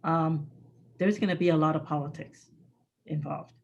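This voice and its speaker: A woman's voice: low-pitched, steady tone, normal speed, vocal fry, muffled recording. A woman executive answering interview questions candidly, blunt and emphatic, laughing often. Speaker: guest speaker, executive.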